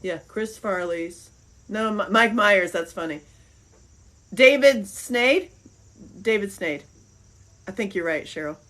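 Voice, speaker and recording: A middle-aged woman hosting a podcast, chatting casually and telling rambling, animated stories. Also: medium pitch, slow pace, long pauses. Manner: rambling, animated storytelling with laughs. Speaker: podcast host. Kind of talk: casual chat.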